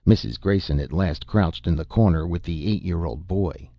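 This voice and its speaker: A man narrates an audiobook in a measured, even manner, his voice very low and gravelly. The recording sounds dull and dry, with no room sound at all.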